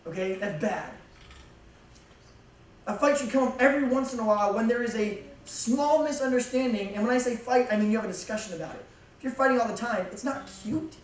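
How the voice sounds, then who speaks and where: A young man, a youth pastor, giving a casual, joking and emphatic sermon to teenagers in a church hall. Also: very high-pitched. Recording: echoey hall from far off.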